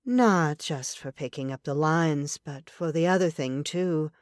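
A woman's voice: sits low, unhurried, no room sound, clean studio sound. A woman reading an audiobook, voicing a composed frontier woman on a wagon, polite, earnest and self-possessed. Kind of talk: audiobook character voice.

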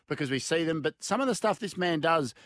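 A man's voice: a little high, animated, fast, fairly bright tone. A man with an Australian accent co-hosting a sports radio show from a studio, chatting playfully and laughing often. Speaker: radio co-host. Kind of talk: casual sports radio chat. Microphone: studio microphone with headphones.

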